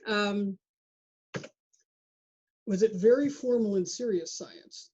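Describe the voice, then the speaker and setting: A woman presenting an online workshop lecture over a video call, chatty and jokey with animated asides. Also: medium pitch, takes it slowly, breathy edge. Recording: dull lo-fi video call audio.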